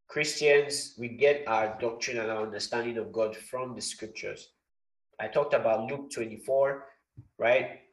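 A young man with a Nigerian accent teaches a Bible class in a conversational, emphatic way, stopping to quiz his students. His voice sits at an ordinary middle pitch. The recording carries a noticeable roomy echo.

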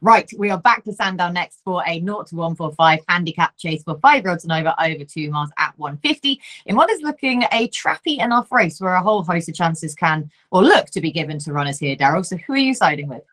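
Female podcast host, lively, teasing. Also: on the low side, fairly quick, few pauses, rough recording. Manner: lively, laughs easily, teasing. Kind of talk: hosting a racing podcast.

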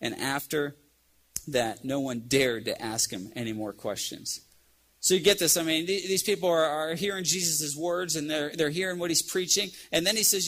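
Man, high voice, youth sermon, storytelling, restarts. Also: normal speed, a bit bright, slight background noise. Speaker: youth speaker.

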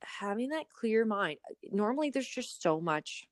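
A woman in her thirties co-hosting a podcast, chatting casually and telling animated stories. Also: medium pitch, a little slow, no echo, clean studio sound. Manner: animated storytelling, acts out inner voices. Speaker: podcast co-host. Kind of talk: casual chat.

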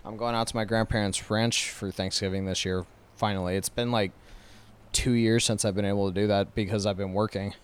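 Relaxed male podcast co-host, smooth resonant voice, dry humor. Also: on the low side, a little fast. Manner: laid-back, dry one-liners, laughs easily. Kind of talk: casual podcast chat.

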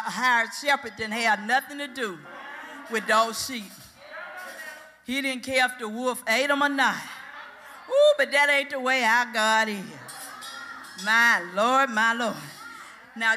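Fervent older woman preaching in a hall. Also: high-pitched. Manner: fervent, rising to shouted praise. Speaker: church speaker. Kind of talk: sermon. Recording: echoey hall with music behind.

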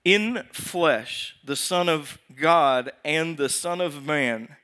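A man preaching a sermon as pastor, posing rhetorical questions to the congregation and swinging from raised emphasis to hushed, slow lines. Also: fairly high pitch.

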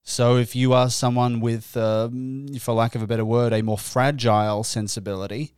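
A man in his young adult years hosts a comedic podcast with animated, exasperated storytelling and plenty of swearing. His mid-pitched voice sounds close and dry, with no room echo. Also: normal speed, clear, resonant tone. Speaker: podcast host. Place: indoors.

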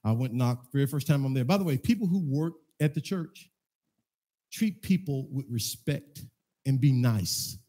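A man preaching a sermon, telling a personal story in a loose conversational way that keeps rising into loud, emphatic preaching in a church. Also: mid-range voice, lively intonation, moderate pace. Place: church sanctuary.

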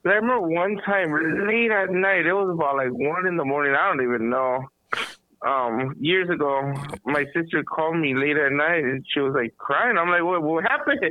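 A man hosting a podcast, telling a rambling story in a casual, animated way. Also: a little high, dry recording. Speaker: podcast host. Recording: thin phone-like sound, dry.

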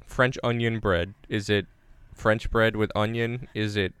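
Smooth-voiced man, jokey rambling podcast host. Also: on the low side, a little slow, hardly any pauses, no echo. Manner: jokey, rambling, deadpan asides. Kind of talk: casual chat. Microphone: remote recording on separate devices.

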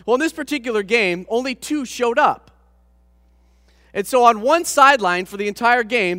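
A man preaching, a pastor telling a personal story to his congregation with animated, self-deprecating humor. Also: very high-pitched, dry recording, clean studio sound, in a large hall. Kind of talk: storytelling sermon.

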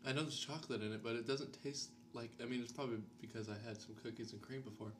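A man's voice: mid-range voice, fairly even intonation, fast, fairly bright tone, slight background noise. A man co-hosting a podcast, chatting casually and joking while tasting ice cream. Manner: upbeat, jokey, talks while eating. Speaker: podcast co-host.

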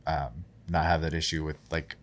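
A man co-hosting a casual gaming podcast, speaking haltingly with many fillers. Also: very deep voice, level tone. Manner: hesitant, many fillers and restarts, chuckles. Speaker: podcast co-host. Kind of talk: casual chat.

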